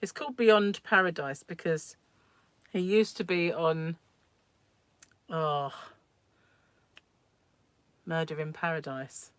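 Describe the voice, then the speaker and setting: A woman's voice: low voice, takes it slowly, long pauses, clean tone, dry recording. A middle-aged woman hosting a crochet livestream at home, chatting casually and laughing often as she rambles through viewer comments.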